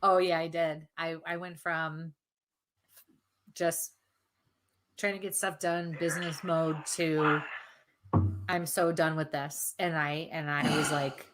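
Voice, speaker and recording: A woman's voice: deep voice, level tone, slow pace, long pauses, a little hiss or hum. A woman co-hosting a live show, reading spirit messages for viewers in a chatty way with frequent laughter. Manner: warm, chatty, laughs often. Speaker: psychic medium co-host.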